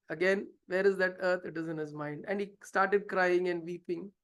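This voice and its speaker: Here the scripture lesson comes as a story from a spiritual teacher whose medium-pitched voice is steady and a bit bright, moving at normal speed with hardly any pauses. Even so, there are hesitant moments with fillers and restarts, and lots of rhetorical questions.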